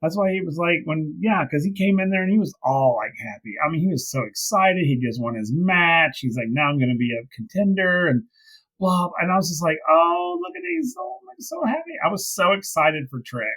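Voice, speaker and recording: A man's voice: fairly high pitch, lively intonation, brisk, fairly bright tone, rough recording. A man co-hosting a wrestling review podcast, gushing and emphatic, repeating himself in casual chat. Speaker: podcast co-host.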